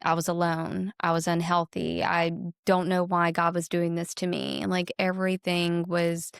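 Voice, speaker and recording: A woman guest on a spiritual podcast, speaking calmly and affirmingly. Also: on the low side, normal speed, creaky, clean tone, dry recording, studio quality. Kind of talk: casual spiritual chat.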